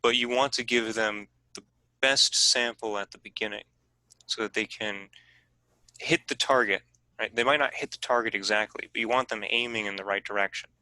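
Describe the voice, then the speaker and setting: A man presenting a teaching workshop over a video call, explaining in a relaxed, conversational way. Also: lowish voice, moderate pace, no echo, poor audio.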